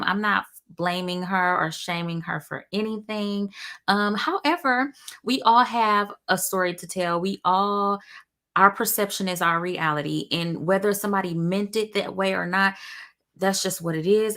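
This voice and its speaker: A woman's voice: lowish voice, steady tone, normal speed, pushed and bright. A woman hosting a live show in casual chat, upbeat and talkative, calling her viewers y'all.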